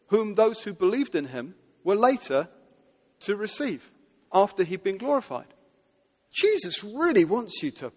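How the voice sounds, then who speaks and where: A man preaching a sermon to a seated audience, earnest and building to loud, emphatic quotations. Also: sits high. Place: large hall with audience seating. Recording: long hall reverb.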